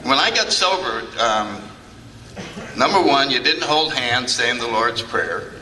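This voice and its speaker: A man's voice: medium pitch, very animated, unhurried, sharp tone, a little hiss or hum. Older guy cracking stories at a big convention, long hall reverb, a bit far off the mic. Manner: humorous, anecdotal, acts out quoted remarks. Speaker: recovery meeting speaker. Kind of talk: storytelling talk to a convention audience. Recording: echoey hall, picked up from a distance.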